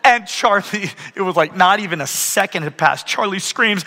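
Man, 30s, pastor, sermon, high bright voice, animated storyteller, long hall reverb. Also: brisk. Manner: animated storytelling, asks audience for raised hands.

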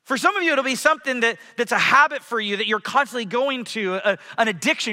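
Guy pastor preaching in a church, high bright voice, big hall reverb, goes loud then real quiet. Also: fast, few pauses. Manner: animated, swinging from loud to hushed. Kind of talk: sermon. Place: church sanctuary.

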